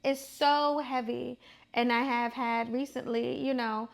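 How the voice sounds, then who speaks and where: A woman in her thirties hosts her own vlog in a loose, opinionated monologue. Her voice sits a little high, and she talks in an emphatic, chatty way, circling back over phrases to drive them home. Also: fairly even intonation, unhurried, gravelly. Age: 30s. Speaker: vlog host.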